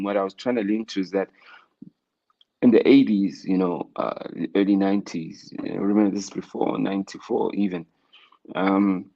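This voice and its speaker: A man's voice: fairly low pitch, darkish tone. A South African man, a guest in an interview, reflecting at length in a rambling way with many fillers. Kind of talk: casual interview conversation. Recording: muffled lo-fi sound.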